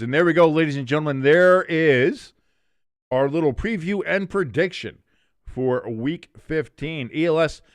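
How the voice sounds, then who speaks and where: A man hosts a casual sports picks show and talks in an animated, joking, chatty way. His voice sits at a medium pitch. The sound is dry and close, with no room echo.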